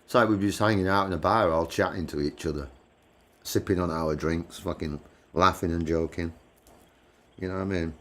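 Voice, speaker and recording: A man's voice: deep voice, fairly even intonation, brisk, fairly bright tone. An English man hosting a livestream, chatting casually with viewers, laughing often and swearing freely. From England. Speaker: livestream host. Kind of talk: casual chat with live viewers. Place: living in the United States.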